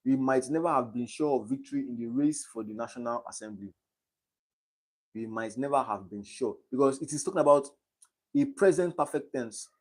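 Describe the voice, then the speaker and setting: A man's voice: medium pitch, normal speed. Young man tutoring on a live stream. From Nigeria. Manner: reads quiz options aloud and checks understanding.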